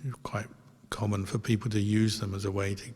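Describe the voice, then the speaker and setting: Low-voiced monk in a reverberant hall. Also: male voice, a little fast, breathy edge. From Australia. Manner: calm, gentle anecdotal telling with fillers. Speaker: Buddhist monk teacher. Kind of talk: dharma talk storytelling.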